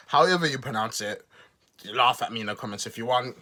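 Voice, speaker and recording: A man's voice: mid-range voice, quick pace, pushed and bright. A man hosting his own podcast, giving casual political commentary in a rambling way, often restarting his sentences and making self-deprecating asides. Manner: rambling, with frequent restarts and stumbles. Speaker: podcast host.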